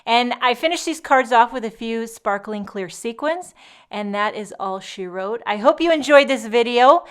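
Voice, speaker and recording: A woman's voice: on the high side, lively intonation, moderate pace, smooth. A woman hosting a casual card-making tutorial, chatty and full of joking asides. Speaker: papercraft tutorial host. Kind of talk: casual craft tutorial narration.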